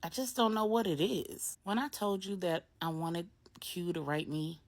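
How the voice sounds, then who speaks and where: A woman voicing a grown mother opening up to her best friend, earnest and searching. She sounds low and warm, talking it through in a plain, conversational way rather than a showy one. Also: normal speed, natural voice. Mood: reflective.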